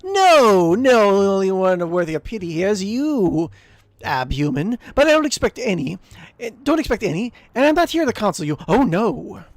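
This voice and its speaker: A man's voice: high-pitched, sing-song, moderate pace, dry recording, voice pushed up. A man voicing a vengeful ghostly noblewoman aunt, reading her lines with cold scorn and mockery. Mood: scornful. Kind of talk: reading game dialogue aloud.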